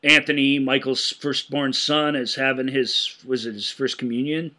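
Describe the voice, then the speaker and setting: Guy on a movie podcast, bright forceful voice, acts out scenes, laughs a lot. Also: medium pitch, normal speed. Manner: animated storyteller who acts out scenes and laughs often. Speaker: film podcast co-host. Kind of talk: casual film discussion.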